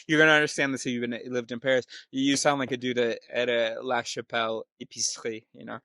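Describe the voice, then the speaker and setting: A man telling a story in a casual monologue, with quick, joking asides. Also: mid-range voice, little pitch movement, sharp tone, no room sound, clean studio sound.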